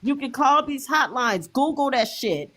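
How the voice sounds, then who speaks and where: A middle-aged woman on a livestream with a fairly high voice. She rants in a heated, profane way and repeats herself again and again. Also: animated, a little slow, bright, forceful tone. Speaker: livestream host. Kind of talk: angry livestream rant.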